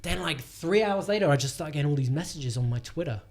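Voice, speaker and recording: A man's voice: a little high, expressive, fast, a little mellow. A young man, telling a rambling, sweary comedy-gig story in casual podcast chat. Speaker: comedian guest.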